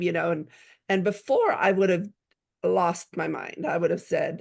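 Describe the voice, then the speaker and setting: This middle-aged woman has a fairly low, gravelly voice, a little mellow and slightly rough, at a moderate pace. She tells a personal parenting story casually and earnestly, restarting often, saying "you know" a lot, and acting out quoted voices.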